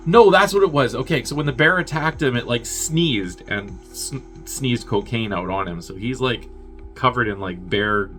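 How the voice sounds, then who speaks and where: A man's voice: medium pitch, fairly bright tone. A man casually recapping a film's plot as a reviewer, rambling and profane, with chuckling asides. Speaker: movie reviewer.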